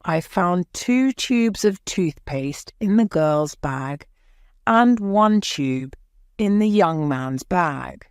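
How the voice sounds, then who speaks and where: A woman's voice: lowish voice, animated, very slow, smooth, no room sound, clean studio sound, full character voice. A woman voicing a nervous male airport policeman giving hesitant, polite answers in court. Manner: hesitant, deferential, adds "sir".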